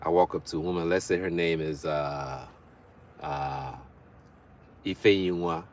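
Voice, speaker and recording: A man's voice: very deep voice, fairly even intonation, moderate pace, a little mellow, a little hiss or hum. A young man hosting a livestream in casual chat, reading viewer comments aloud, bantering and laughing often. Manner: laughs often between remarks. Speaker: livestream host.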